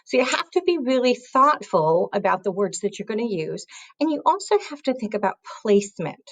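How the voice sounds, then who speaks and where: A woman teacher explains a lesson in a voice of middling pitch. She stops on each example and reads it slowly with stress. She checks in with her students with a "right?" after her points. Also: big pitch swings. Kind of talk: classroom lesson.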